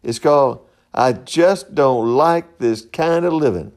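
A man's voice: mid-range voice, slow, darkish tone. Folksy joking man hosting a podcast. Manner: folksy, joking, laughs at own stories. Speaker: podcast host. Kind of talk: rambling casual monologue.

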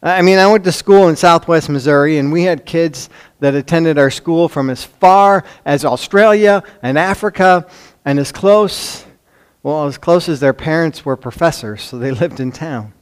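A man with a Chicago accent preaching a sermon, swinging from loud emphasis to hushed lines, with conversational asides and rhetorical questions. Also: fairly high pitch, normal speed, clean tone. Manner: dramatic swings between loud emphasis and hushed near-whispers. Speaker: pastor.

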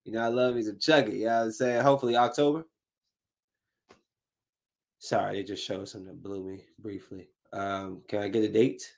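A man's voice: lowish voice, steady tone, fairly quick, creaky, pauses often, a little mellow. A man in his thirties hosting a casual solo podcast, talking loosely and ranting with growing animation when something annoys him. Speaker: podcast host.

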